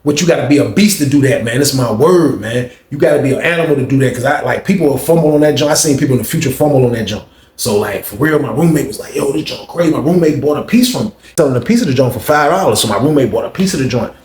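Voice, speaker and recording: A man's voice: medium pitch, fast. A young man casually telling a story in heavy slang, acting out the people in it. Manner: slangy, animated, acts out every voice. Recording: roomy echo.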